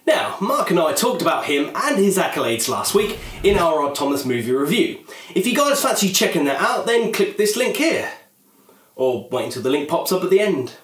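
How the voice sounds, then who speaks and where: A man's voice: a little high, sing-song, normal speed, fairly bright tone, far from the mic. A man co-hosting a film review show, chatty and jokey. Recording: echoey room, off-mic, music behind.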